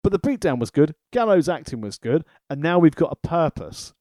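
A man's voice: on the high side, big pitch swings, a little fast, warm tone, no echo, studio quality. A man hosting a podcast, giving a sweary, analytical recap in casual chat. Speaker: podcast host.

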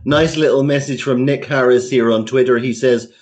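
A man hosting a podcast, asking his co-hosts questions about football in a halting way. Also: mid-range voice, steady tone. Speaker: podcast host. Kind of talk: casual football chat.

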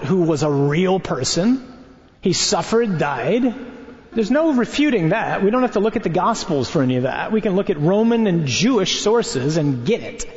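Wry, animated priest in an echoing hall. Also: male voice, on the high side. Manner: animated, wry, asks rhetorical questions. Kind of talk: conversational teaching sermon. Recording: dull recording in a reverberant hall.

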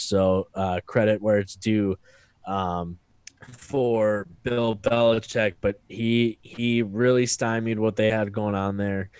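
A man's voice: fairly low pitch, no room sound. Opinionated man arguing football stats. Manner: opinionated, swears freely, builds arguments with stats. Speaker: sports podcast co-host. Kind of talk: casual sports debate.

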